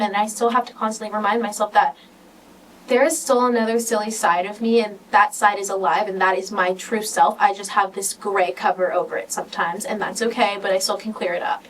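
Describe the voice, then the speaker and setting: A woman's voice: mid-range voice, far from the mic, slight background noise, low-quality recording. A teenage girl talking casually on a podcast, telling personal stories in an emotional, rambling way full of "like.". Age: teens. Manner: emotional, rambling storytelling with many "like"s. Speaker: podcast co-host.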